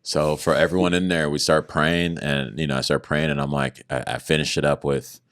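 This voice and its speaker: Very deep-voiced man telling his story. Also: a little fast, clean tone. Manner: animated, acts out other people's words in raised voices; earnest, religious testimony. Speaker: podcast guest. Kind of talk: personal storytelling in conversation.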